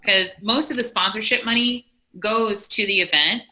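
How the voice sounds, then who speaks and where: A young female athlete as a podcast guest, walking the hosts through her event in a plain, matter-of-fact way. Her voice is very bright and sharp, with an ordinary pitch for a woman. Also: normal speed, a little hiss or hum. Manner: clear, matter-of-fact explaining. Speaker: guest athlete, triple jumper. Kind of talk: explaining in casual chat.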